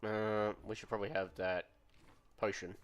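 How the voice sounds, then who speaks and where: A man's voice: fairly low pitch, level tone, normal speed, clean tone. A man hosting a gameplay video, chatting wryly and reading game text aloud. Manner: chatty, wry, exclaiming. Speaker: gameplay host. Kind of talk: casual let's play commentary and reading game text.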